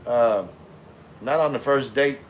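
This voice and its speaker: A man's voice: medium pitch, takes it slowly, a little hiss or hum. A middle-aged man hosting a casual livestream, answering viewer comments in a laid-back way with lots of fillers. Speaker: livestream host reading chat.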